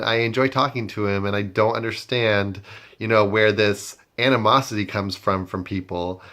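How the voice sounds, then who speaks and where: A man talks casually about his game decisions in a confessional. His pitch is average, and his speech is loose and full of fillers. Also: sharp tone. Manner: casual, filler-heavy talk. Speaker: game player.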